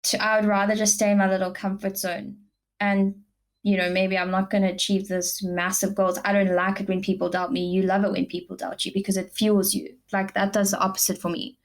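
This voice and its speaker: A woman's voice: mid-range voice, level tone, fairly quick. A young woman with a South African accent, co-hosting a podcast in casual, gushing chat full of "like" fillers. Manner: chatty, gushing, many "like" fillers. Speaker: podcast co-host.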